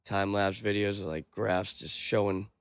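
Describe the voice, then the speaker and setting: Brief: young guy, mid pitch, animated swearing banter, dry close sound. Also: moderate pace, smooth, dry recording. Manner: excitable, heavy swearing. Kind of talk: casual chat.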